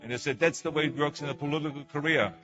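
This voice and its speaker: Older man, German accent, fairly high voice, emphatic storytelling speech, muffled sound, music behind. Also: rapid-fire. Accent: Austrian German. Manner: storytelling, emphatic, with acted quotes. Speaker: public speaker. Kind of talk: motivational speech.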